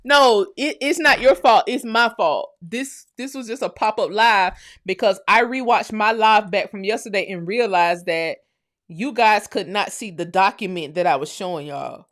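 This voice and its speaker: A woman with a Southern US accent hosting a casual livestream, ranting loudly, cursing and laughing as she talks. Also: medium pitch, moderate pace. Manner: loud, profane and laughing. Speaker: livestream host.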